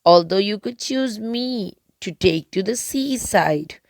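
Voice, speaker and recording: A woman's voice: medium pitch, expressive, slow pace, vocal fry, no room sound, clean studio sound. A woman voicing a big, sly, pushy toy elephant in a storybook, trumpeting his requests.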